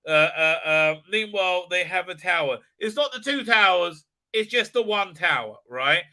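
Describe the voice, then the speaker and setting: A man's voice: sits high, animated, moderate pace, bright, forceful tone. A man hosting a live stream, ranting sarcastically with lots of swearing and filler sounds. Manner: sarcastic, profane, many fillers. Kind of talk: ranting commentary.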